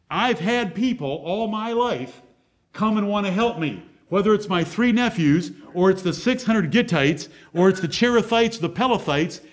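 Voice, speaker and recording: A man with a high-pitched voice preaching a sermon. He speaks emphatically and presses his points with one rhetorical question after another. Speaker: pastor.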